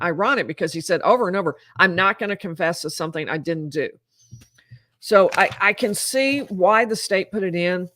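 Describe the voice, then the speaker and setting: A woman's voice: lowish voice, fairly bright tone, no echo, studio quality. A woman lawyer hosting a live-stream legal commentary, reading transcripts aloud with her own reactions in a conversational way. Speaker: lawyer and trial commentator host.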